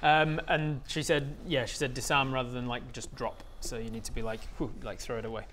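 A man's voice: medium pitch, level tone, brisk, fairly bright tone, slight background noise. A man running a tabletop game as game master, explaining rules with many fillers and restarts. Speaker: dungeon master.

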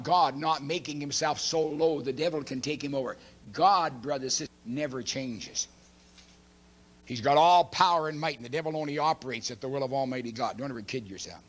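In a fairly high pitch, this man gives an emphatic, preachy sermon. Loud statements give way to hushed asides, and his scripture reading is quick.

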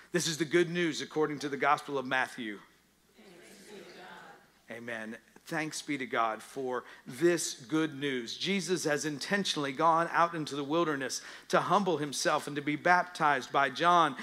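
A male pastor delivers a sermon with a bright, forceful voice pitched a little high. He tells stories with lively turns and acts out the voices in his retellings. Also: normal speed. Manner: storytelling, dramatizes quotes.

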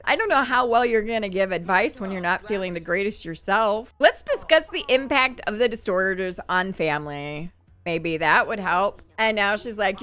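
A woman's voice: mid-range voice, normal speed, fairly bright tone, clean tone. A woman hosting a casual let's-play of a life-sim game, chatty and bubbly, often laughing and gasping. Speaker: gaming channel host.

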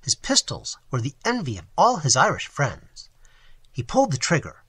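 A man reads a classic novel aloud with animated, expressive storytelling. His pitch roams widely and his tone is bright with a touch of breath. The recording is close and dry. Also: normal speed, breathy edge, no echo. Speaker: audiobook narrator. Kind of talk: audiobook reading of a classic novel.

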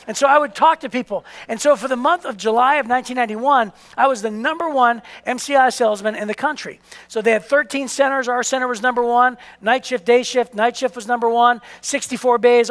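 A man in his fifties preaching a sermon as pastor, telling a story with lively acted-out voices. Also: very high-pitched, long reverb tail. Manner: animated storytelling, acts out voices. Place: church hall.

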